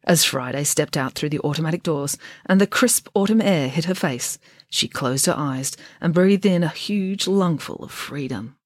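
A woman's voice: deep voice, normal speed, dry recording, studio quality. A woman reading a novel aloud, narrating expressively. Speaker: storybook reader.

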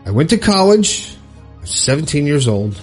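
A man's voice: on the high side, sing-song, breathy edge, soft background music. Heartfelt middle-aged man telling a story. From Florida. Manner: heartfelt, halting, with restarts and pauses. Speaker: podcast host. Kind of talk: emotional personal storytelling.

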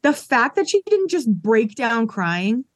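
Thirties woman from Massachusetts, frank guest storyteller, slightly high voice, dry sound. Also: big pitch swings, unhurried, dry recording. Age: 30s. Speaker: podcast guest. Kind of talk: casual chat.

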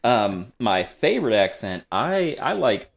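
Low-voiced easygoing man. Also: sing-song, unhurried, creaky. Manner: easygoing, joking, searches for words. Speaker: podcast co-host. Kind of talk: casual chat.

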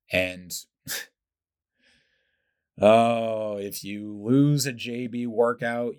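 A young man hosting his own podcast, telling workplace stories in a casual, animated way, with loud profane bursts and quiet asides. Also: fairly low pitch. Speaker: podcast host. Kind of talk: casual storytelling monologue.

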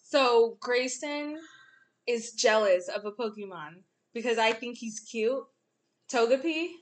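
A young woman in casual chat, animated and profane, often laughing as she talks. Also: fairly high pitch, slow.

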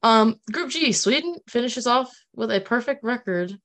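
A woman's voice: fairly high pitch, expressive, moderate pace, fairly bright tone. A woman co-hosting a casual sports podcast, chatty with many fillers and restarts. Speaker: podcast co-host.

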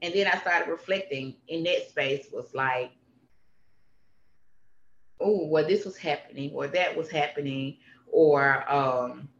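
Candid guest, bright forceful delivery, emphatic repeats; roomy, slightly muffled recording. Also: medium pitch, slow, long pauses, a little hiss or hum. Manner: emphatic and animated, repeats phrases for punch. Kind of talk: candid personal conversation. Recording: roomy, slightly dull sound.

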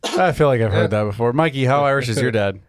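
A man's voice: mid-range voice, fast, no echo. Dry-miked man in chatty podcast banter. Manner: laughs often, slips into goofy voices. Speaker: podcast co-host. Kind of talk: casual chat.

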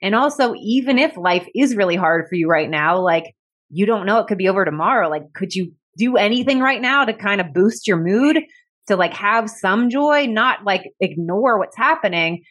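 A woman's voice: medium pitch, lively intonation, normal speed, fairly bright tone. A woman telling a personal story as an interview guest, candid and reflective, with many "like" fillers and an emotional edge. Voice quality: emotional, close to tears at times. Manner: candid and reflective, heavy use of "like". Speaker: podcast guest.

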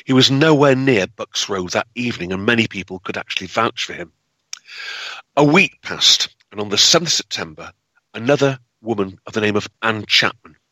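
Bright, dramatic male history storyteller. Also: lowish voice, animated, moderate pace, dry recording, low-quality recording. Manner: dramatic, with frequent fillers and restarts.

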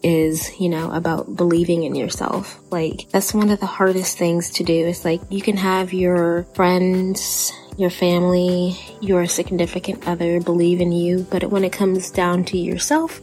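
A woman's voice: lowish voice, flat delivery, unhurried, hardly any pauses, darkish tone, rough recording. A woman with a Texan accent, talking casually and earnestly on a podcast, encouraging listeners. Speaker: podcast co-host.

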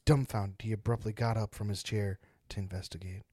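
A man's voice: lowish voice, steady tone, brisk, warm tone, slightly rough, dry recording, clean studio sound. A man hosting a casual podcast, joking around and reading spooky stories aloud with dramatic emphasis. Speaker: podcast host.

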